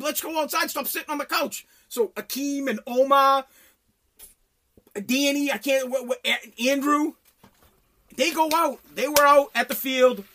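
Man, middle-aged, high voice, bright and sharp, animated profane rant. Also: slight background noise. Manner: animated, profane, blunt storytelling with mock voices. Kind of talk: casual rant.

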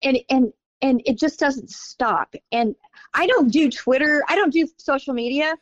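An older woman tells stories in a chatty, rambling way, leaning on "you know" as she talks. Her voice sits a little high for a woman. The audio is dull and lo-fi. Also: measured pace. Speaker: interview guest, longtime season ticket holder. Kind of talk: casual storytelling interview.

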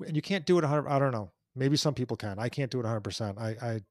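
A man's voice: mid-range voice, very fast, no echo, studio quality. A man speaking as a guest in a casual chat, earnest and emphatic, often repeating words as he starts a thought.

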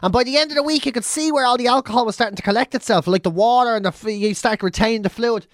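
An Irish man co-hosting a podcast in casual chat, swearing freely and launching into animated rants. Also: very high-pitched, rapid-fire, dry recording, studio quality. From Ireland. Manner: swears constantly, animated rants with mimicked drum sounds. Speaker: podcast co-host.

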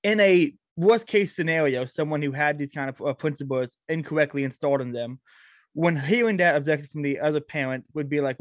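A man's voice: fairly high pitch, brisk, no echo. A man hosting a conversation, asking a thoughtful question and searching for his words. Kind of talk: interview questions. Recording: dry, dull lo-fi mic.

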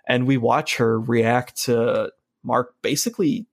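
A man co-hosting a podcast in casual chat, gushing with enthusiasm, with a gravelly voice. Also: mid-range voice, steady tone, takes it slowly, no room sound, clean studio sound. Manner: enthusiastic, gushing fan talk. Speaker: podcast co-host.

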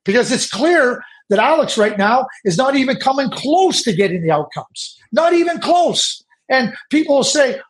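A middle-aged man with a noticeably high voice talks hockey as a guest analyst. He argues insistently, doubling back on words to hammer home his point. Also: very animated, normal speed, hardly any pauses. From Canada. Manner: insistent, repeats words when pressing a point. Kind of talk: emphatic opinionated sports talk.

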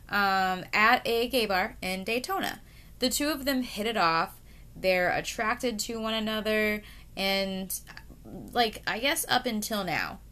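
A woman's voice: medium pitch, fairly bright tone. A woman in her thirties telling a true crime story to camera in a casual, chatty way, full of fillers and swearing, and talking straight to her viewers. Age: 30s.

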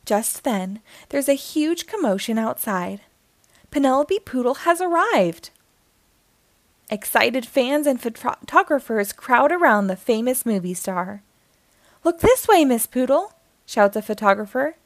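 A woman reading a picture book aloud to children, expressive and sing-song. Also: on the high side, unhurried, no room sound. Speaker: storyteller.

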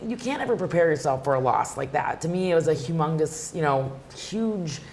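A woman's voice: sits low, animated, a little fast, darkish tone, slight background noise. A woman wrestler as an interview guest, telling personal stories in a chatty, emotional way with lots of fillers. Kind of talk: casual interview storytelling.

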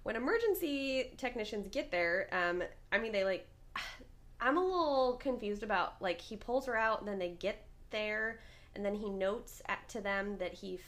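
A woman's voice: mid-range voice, animated, normal speed, a bit bright. A woman hosting a podcast, telling a true-crime story in a chatty, rambling way, full of fillers and restarts. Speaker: podcast host.

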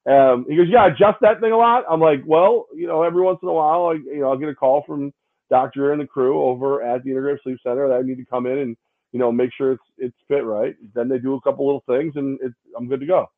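This co-host of a casual sports podcast has a steady mid-range voice and talks fast. Hungover and away from his co-host, he tells rambling stories, repeats himself and imitates people, all over a tinny phone-like line.

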